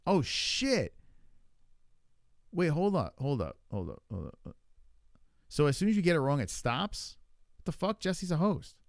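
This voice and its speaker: A man hosting a casual podcast, thinking aloud while he plays a quiz, with lots of swearing, fillers and halting repeats. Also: on the high side, sing-song, dry recording, studio quality. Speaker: podcast host. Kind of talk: casual chat while playing an online quiz.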